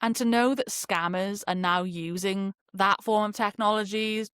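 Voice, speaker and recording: A young adult woman hosting a casual solo podcast, talking in an animated, chatty way with lots of fillers like "like". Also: mid-range voice, normal speed, clear, resonant tone, dry recording, studio quality. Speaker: podcast host.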